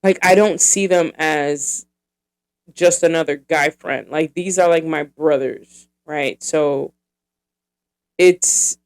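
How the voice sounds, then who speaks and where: Smooth-voiced woman podcaster in her thirties. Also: low voice, takes it slowly. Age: 30s. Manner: rambling and profane, heavy with fillers. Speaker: podcast host. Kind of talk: casual podcast monologue.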